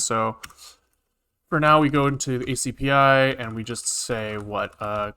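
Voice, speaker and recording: Man live-coding, bright clear voice, rambling, filler words, keyboard typing behind. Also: medium pitch, steady tone, measured pace. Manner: rambling, thinking aloud with many fillers and swearing. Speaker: programming streamer. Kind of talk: casual live-coding commentary.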